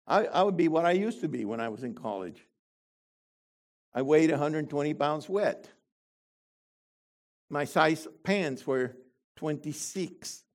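An older male preacher delivers a sermon at an unhurried, deliberate pace, repeatedly putting rhetorical questions to the congregation. His voice sits a little high for a man and has lively intonation.

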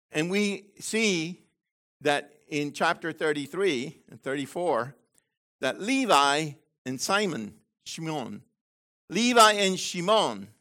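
A man preaching a sermon to his congregation, swinging between loud, emphatic lines and quiet asides, with frequent digressions and restarts. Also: a little high. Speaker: messianic congregation leader.

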